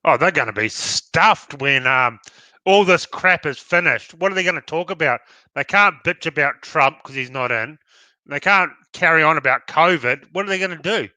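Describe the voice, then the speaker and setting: A man's voice: on the high side, expressive, normal speed, pushed and bright, no room sound. An Australian man co-hosting a podcast, chatting bluntly and with strong opinions. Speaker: podcast co-host. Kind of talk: casual chat.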